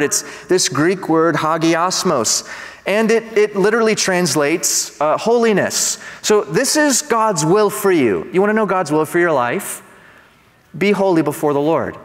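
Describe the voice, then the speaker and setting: Animated preacher in a reverberant hall. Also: male voice, high-pitched. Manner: animated, asks the congregation to respond. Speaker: pastor. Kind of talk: expository sermon. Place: church sanctuary.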